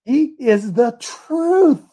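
A man giving a fiery political speech to a crowd, shouting rhetorical questions. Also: very high-pitched, lively intonation, drawn-out words. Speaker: speaker addressing a crowd.

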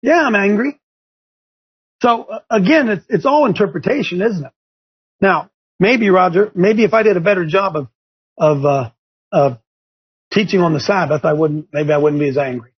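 A man hosting a Christian talk show, preaching with passion that rises to near shouts. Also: high-pitched, moderate pace, long pauses, slightly rough. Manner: impassioned, rising to near shouts. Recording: dull lo-fi broadcast audio.

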